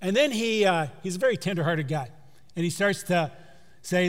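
A man preaching a sermon through a story, in a conversational way that drops to a hush for emphasis. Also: sits high, animated, moderate pace. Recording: long hall reverb.

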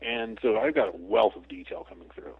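A man with a gravelly, creaky voice tells animated stories as a podcast guest. The audio is thin and phone-like, and the room is dry and close. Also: fairly low pitch, brisk, no room sound. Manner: animated, acts out the voices in his anecdotes. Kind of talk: storytelling in a podcast interview. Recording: tinny phone-like line.

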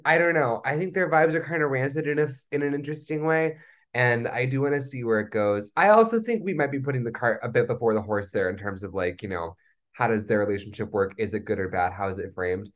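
A man co-hosting a casual group discussion, wry and self-deprecating in tone. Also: medium pitch. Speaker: podcast co-host.

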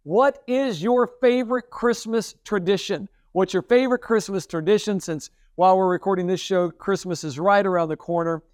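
A man's voice: high-pitched, moderate pace, few pauses, darkish tone, dry recording, clean studio sound. An enthusiastic man hosting a faith podcast, upbeat and repeating himself for emphasis. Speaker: podcast host.

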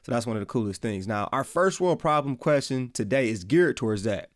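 A man with a Midwestern accent hosting a casual faith podcast, talking excitably in slang and repeating his phrases. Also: medium pitch, fairly quick, dry recording, clean studio sound. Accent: Midwestern American. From American Midwest. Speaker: podcast host.

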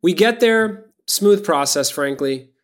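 A man's voice: high-pitched, expressive, slow pace. A man talking as a podcast guest, making emphatic points, repeating them and often agreeing briefly. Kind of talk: casual conversational chat.

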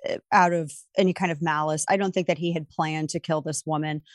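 A woman's voice: low voice, steady tone, brisk, no room sound. A middle-aged woman, a radio host appearing as a guest, telling anecdotes and making her points emphatically. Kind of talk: animated storytelling in conversation.

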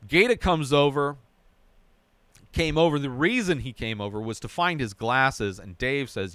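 A man hosts a podcast and retells a TV episode in a loose, animated storytelling style, checking in with the listener with quick "right?" asides. His voice is smooth and resonant, and his pitch sits in the middle for a man. The recording is dry and close, with no room sound. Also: no room sound. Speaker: podcast host. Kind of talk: casual episode recap.

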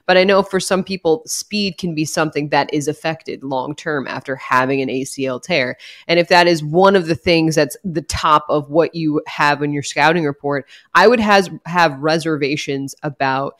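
Measured female sports reporter. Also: sits low. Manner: measured, weighs pros and cons. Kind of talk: casual sports talk.

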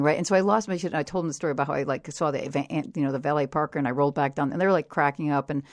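Middle-aged woman comedian, low voice, crude animated storyteller, dry mic. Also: rapid-fire, few pauses, no room sound. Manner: profane, animated storyteller with frequent restarts. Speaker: comedian guest. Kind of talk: casual storytelling interview.

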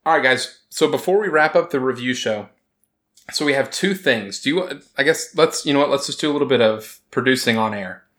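Male podcast host, mid-pitch, rambling and animated, casual sports chat. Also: brisk. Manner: rambling, animated, self-interrupting.

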